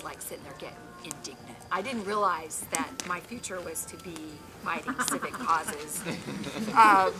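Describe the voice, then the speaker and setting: A woman telling a personal anecdote to a group in an animated, self-mocking way. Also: medium pitch. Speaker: storyteller.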